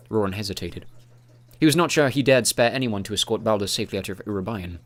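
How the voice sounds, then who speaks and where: A man narrating a fantasy audiobook in a steady, measured way. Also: fairly low pitch.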